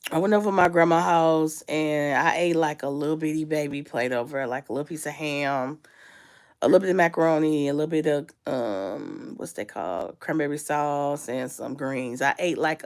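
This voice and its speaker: A young woman, sick and under the weather, chatting casually to her viewers and confiding, her voice rising and sinking with her feelings. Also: sits low. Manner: chatty, confiding, lively rises and sinks with feeling. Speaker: vlogger. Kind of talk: casual storytime chat.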